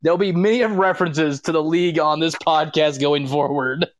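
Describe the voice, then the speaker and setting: A man's voice: a little high, fairly even intonation, normal speed, lo-fi sound. A man co-hosting a wrestling podcast, wisecracking and mock-exasperated in casual chat. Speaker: podcast co-host.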